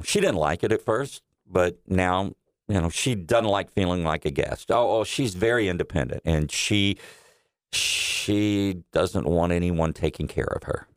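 A man's voice: low-pitched, a little slow, no room sound, studio quality. A middle-aged man, a radio personality, telling family anecdotes as an interview guest, laughing often and acting out quotes. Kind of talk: casual storytelling.

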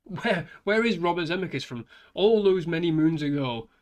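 A man's voice: fairly high pitch, expressive, moderate pace. A man giving an exasperated, sighing film review rant, swearing often.

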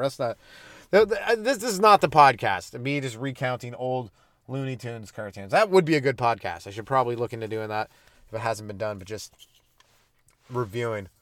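A man's voice: medium pitch, no room sound, clean studio sound. A young man hosting a comedy podcast, riffing loosely through a profane, self-mocking monologue. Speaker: stand-up comedian, podcast host.

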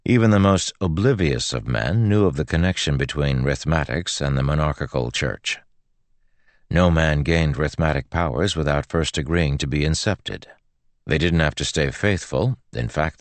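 A man reading a novel aloud in an extremely deep voice full of vocal fry, his delivery measured and even. The recording is dry and close, with no room sound around it. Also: no room sound. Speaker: audiobook narrator. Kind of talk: audiobook narration.

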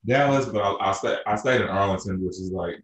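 A podcast co-host from Arkansas, USA, with a very low voice, tells a long, wandering story fairly quickly during a relaxed chat. He often restarts sentences and relies on fillers, sounding echoey and slightly off-mic.

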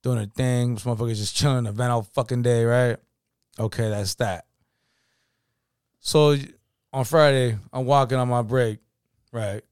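A man with a Californian accent, telling an animated, slang-filled story in casual chat. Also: mid-range voice, normal speed, pauses often, smooth, no room sound, studio quality. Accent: Californian English.

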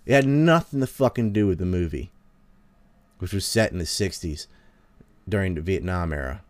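A man's voice: low voice, animated, normal speed, no echo. A man, ranting in a heated, sarcastic and profane way as he hosts a podcast. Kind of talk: casual ranting monologue.

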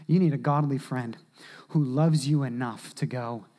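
A man preaching a sermon as pastor, animated, swinging from loud shouts to hushed, near-whispered asides. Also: medium pitch, moderate pace.

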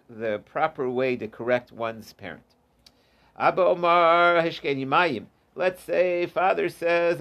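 A man giving an informal Talmud lesson, reading the Aramaic text and explaining it in English with frequent fillers and restarts. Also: on the high side. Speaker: Talmud teacher.

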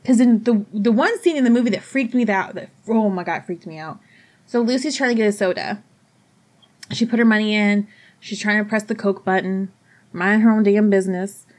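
A woman casually retelling a movie plot, animated and profane, acting out quotes along the way. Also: medium pitch, moderate pace. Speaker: podcast co-host. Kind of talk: casual chat.

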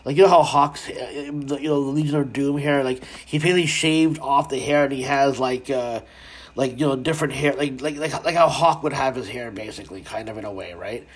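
A man's voice: mid-range voice, brisk. A man hosting a casual commentary stream, ranting in a rambling way with lots of swearing, fillers and restarts.

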